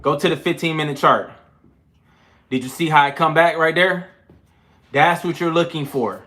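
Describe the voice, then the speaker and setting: A young man talks through a casual trading livestream, loose and slangy. He sounds winded, and his voice sits a bit high with a bright, forceful edge. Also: normal speed. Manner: loose, slangy and animated, counting push-ups between chart talk. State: out of breath. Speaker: trading channel host.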